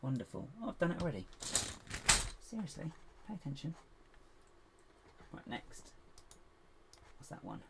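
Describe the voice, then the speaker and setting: A man's voice: fairly high pitch, a little slow, vocal fry, pauses often. A man hosting a casual live stream, chatting and muttering to himself while he builds, with self-mocking asides. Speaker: livestream host building toy bricks. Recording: steady background hiss and keyboard noise.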